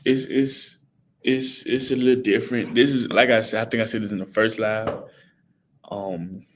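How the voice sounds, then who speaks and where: A man's voice: fairly low pitch, steady tone, normal speed, slight background noise. A young man, casually chatting on his livestream and answering viewers by name. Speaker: livestream host, college football player. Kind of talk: casual livestream chat reading viewer comments.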